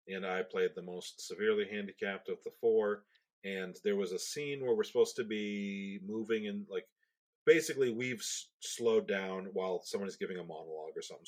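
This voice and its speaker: Low-voiced man chatting casually. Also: steady tone, normal speed. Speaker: podcast co-host. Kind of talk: casual chat.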